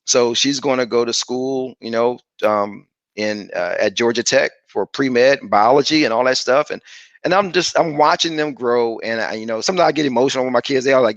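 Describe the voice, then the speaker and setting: A man in his forties, a guest father speaking earnestly and reflectively over a video call, pausing with fillers. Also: medium pitch, dry recording. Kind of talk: casual interview talk. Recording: dry, dull lo-fi call audio.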